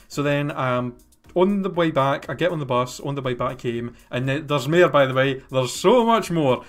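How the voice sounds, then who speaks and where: A man's voice: mid-range voice, moderate pace, soft background music. A young Scottish man, a game streamer, telling a rambling, exasperated story full of swearing. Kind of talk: ranting anecdote during a game stream.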